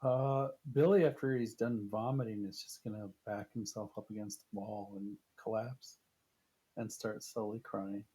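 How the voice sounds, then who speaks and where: A man at a tabletop game describing his character's actions. His voice is gravelly and mellow with a husky edge, and he delivers his lines slowly and matter-of-factly. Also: medium pitch, lively intonation, rough recording. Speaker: player. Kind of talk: casual tabletop play.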